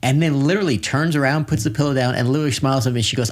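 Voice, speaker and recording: A man's voice: medium pitch, fairly even intonation, very fast. A middle-aged man hosting a podcast, telling personal stories candidly and cracking self-deprecating jokes. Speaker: podcast host. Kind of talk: conversational interview.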